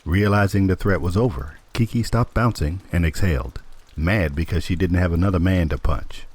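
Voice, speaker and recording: A man narrating an audiobook in a measured, steady storytelling manner. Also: low-pitched, slightly rough. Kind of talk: scripted narration.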